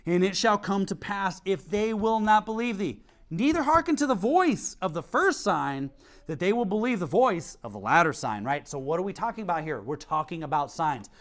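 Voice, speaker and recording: This man's voice sits high and moves at a moderate pace as he preaches. Serving as pastor, he reads scripture aloud and spins animated stories, performing the quoted lines.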